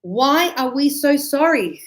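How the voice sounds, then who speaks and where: A woman's voice: high-pitched, expressive, takes it slowly. An Australian woman teaching English, chatty, acting out short example dialogues to explain everyday phrases. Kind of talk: online English lesson.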